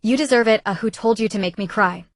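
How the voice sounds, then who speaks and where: A woman's voice: medium pitch, quick pace, no echo, clean studio sound, close to an everyday voice. A woman playing a stern, scolding young friend.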